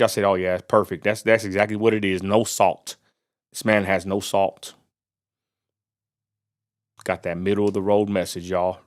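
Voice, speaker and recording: A man from Texas delivering an angry, fired-up vlog rant, preacher-like and full of Southern turns of phrase. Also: deep voice. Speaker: vlogger. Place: outdoors near a roadside lot.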